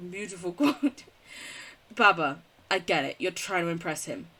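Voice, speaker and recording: A woman's voice: on the low side, big pitch swings, unhurried, a crowd in the background. A young woman streaming a game, reading its text aloud and chatting casually, often giggling and swearing. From United Kingdom. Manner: giggly, swears casually, chats with chat between read lines.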